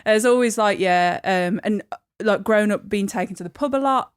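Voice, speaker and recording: A woman's voice: medium pitch, a little fast, smooth, dry recording, studio quality. A woman guest on a podcast, chatting casually and rambling a little, with lots of fillers and laughs. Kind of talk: casual chat.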